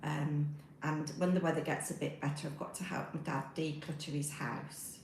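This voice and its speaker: A middle-aged British woman knits while chatting on a crafting livestream from a room at home, rambling in a friendly way with many ums and reading out chat messages. Her voice is low and darkish, fairly even in intonation, at a moderate pace. The low-quality recording is echoey with a little hiss or hum.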